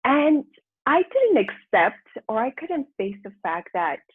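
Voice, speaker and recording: A woman's voice: sits high, sing-song, takes it slowly, breathy edge. A woman guest, a personal transformation mentor, telling her life story in a chatty way, often laughing and acting out her own past thoughts. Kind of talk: candid storytelling interview. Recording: dry phone-like line.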